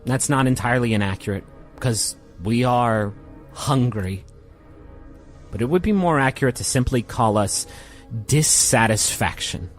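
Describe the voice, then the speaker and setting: A man voicing a quiet, unsettlingly polite male leader of a world-devouring force in a tabletop role-play podcast. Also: mid-range voice, animated, unhurried, soft background music, natural voice. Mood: calm menace. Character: calm, menacing male leader of a cosmic hunger. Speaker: game master.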